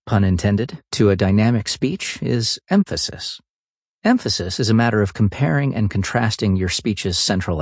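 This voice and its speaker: A man reading a scripted book summary in an expressive, varied narration. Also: lowish voice, slightly rough, no echo, studio quality.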